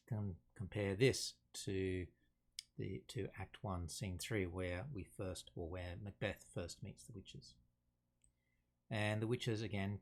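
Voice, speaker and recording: A man, explaining a play to students in a casual way and reading quotes aloud between his explanations. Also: sits low. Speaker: teacher.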